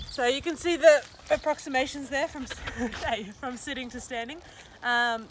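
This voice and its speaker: A woman dog trainer who calmly explains a trick, then praises her dog in a high sing-song voice. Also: heavy background noise. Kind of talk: casual training demonstration. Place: outdoors or open training space with a dog.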